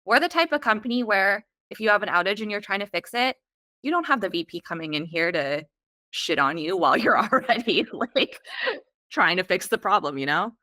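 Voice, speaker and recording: Bright-voiced woman interviewer. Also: mid-range voice, expressive, fairly quick, dry recording. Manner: conversational, laughs easily. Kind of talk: casual interview chat.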